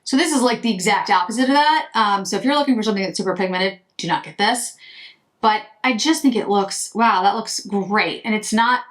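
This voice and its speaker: A woman's voice: medium pitch, brisk. A woman beauty vlogger chatting casually to camera while doing her makeup, rambling and breaking off mid-sentence. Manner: chatty, rambling, self-interrupting.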